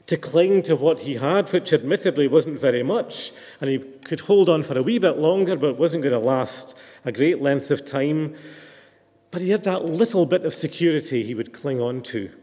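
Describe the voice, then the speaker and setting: A preacher delivers a reflective, questioning sermon in a fairly high, mellow voice. A long church reverb hangs on his words. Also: animated, moderate pace.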